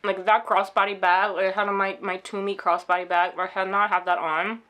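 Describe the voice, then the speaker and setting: A woman vlogging at home, shaken and upset, telling a story in a rushed, animated way and acting out the people in it. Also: medium pitch. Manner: animated, rushed retelling with quoted voices. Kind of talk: casual storytelling vlog. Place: at home indoors.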